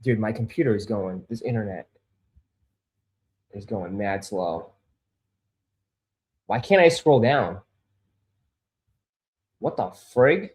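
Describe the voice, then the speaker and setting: A man's voice: fairly low pitch, expressive, slow pace, pauses often. Frustrated, swearing man streaming live. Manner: swearing, easily frustrated, calls viewers bro and dude; gets loud and insistent when making a point. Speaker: sneaker livestream host. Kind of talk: casual live-stream chat. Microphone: desk microphone.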